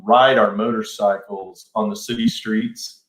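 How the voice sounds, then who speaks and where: Laid-back middle-aged man, low voice, roomy. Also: steady tone, a little slow, background noise. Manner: laid-back, rambling with many fillers. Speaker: podcast host. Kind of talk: casual storytelling chat. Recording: roomy echo.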